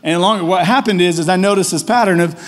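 A man's voice: sits high, fast talker. A man preaching a conversational sermon as pastor in church, telling stories casually and often tagging on questions. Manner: casual storytelling, frequent tag questions.

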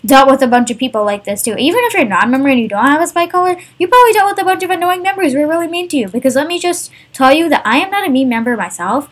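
Young female gaming vlogger, high voice, exasperated casual rant. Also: lively intonation. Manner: exasperated, fast, filler-heavy with many "like"s. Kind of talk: casual ranting commentary over gameplay.

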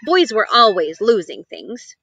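A woman reading a children's novel aloud in an expressive storybook style. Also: medium pitch, unhurried, gravelly, breathy edge, dry recording, dull audio. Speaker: reader.

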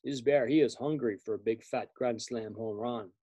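A man voicing a scheming male bull pitcher in a storybook, thinking aloud slowly and boastfully. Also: warm tone, husky, no echo, lightly acted. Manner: slow, low, boastful inner monologue.

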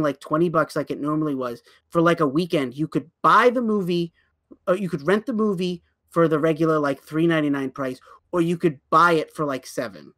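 A man co-hosting a podcast, casually and animatedly retelling a series with lots of restarts. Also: a little high. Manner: animated storyteller, many restarts. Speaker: podcast co-host. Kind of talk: casual chat.

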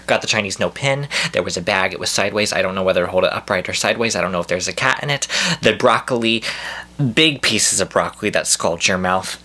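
A young man doing a deadpan, profane comedic rant to camera at home, full of mock outrage. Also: lowish voice. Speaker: comedy vlogger. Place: at home indoors.

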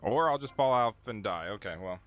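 A man streaming a video game, swearing and yelling at what happens on screen. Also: lowish voice, fairly quick, dry recording. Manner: profane, excitable, yells at the game. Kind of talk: live game streaming commentary. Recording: noisy with game sounds behind. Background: game sounds and vehicles.

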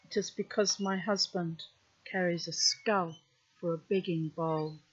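A woman's voice: lowish voice, fairly even intonation, a little slow, husky. A woman storyteller voicing a proud, wronged goddess making solemn, resolute declarations. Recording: dull lo-fi recording.

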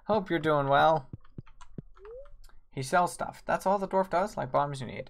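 Low-voiced excitable woman streamer. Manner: chatty, reads and answers chat while playing; excitable, quick bursts of high squeals. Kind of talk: live gameplay commentary. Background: faint game music.

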